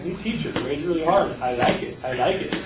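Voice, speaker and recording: A male teacher giving a lively classroom lecture, telling stories and acting out voices. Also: on the high side, fairly quick, distant mic, loud music behind the voice. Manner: animated storyteller, acts out voices. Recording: echoey classroom with faint noise.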